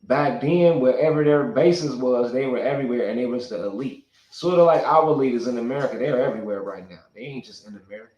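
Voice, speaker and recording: A man's voice: medium pitch, fast, hardly any pauses, a little mellow, echoey room, dull audio. A man talking alone to his channel in a loose, speculative monologue, thinking aloud and restarting his sentences often. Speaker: YouTuber. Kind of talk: rambling monologue.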